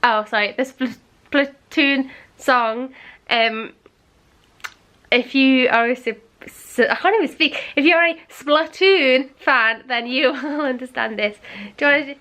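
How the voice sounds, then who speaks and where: A woman's voice: high-pitched, measured pace, bright, forceful tone, dry recording, rough recording. A woman with a cold, chatting and rambling in a casual home vlog, sniffling and giggling as she loses her train of thought. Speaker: vlogger. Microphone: handheld compact camera.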